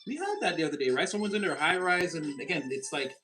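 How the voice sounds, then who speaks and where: A man giving a casual tarot reading, excitable and rambling, with many restarts and fillers. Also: on the high side, fast talker, soft background music, rough recording. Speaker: tarot reader.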